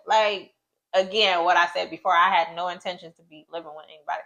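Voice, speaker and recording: A young woman shares a personal story in a relaxed chat with her partner. Her delivery is emotional, jumping sharply up in pitch when she exclaims. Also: fast talker, dull audio. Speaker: co-host. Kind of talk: casual couple storytelling.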